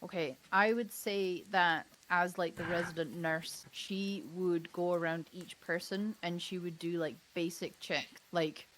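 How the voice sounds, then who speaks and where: A woman's voice: lowish voice, fairly even intonation, measured pace, hardly any pauses, fairly bright tone, a little hiss or hum, low-quality recording. A woman playing a tabletop game, thoughtfully describing what her nurse character does. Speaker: player.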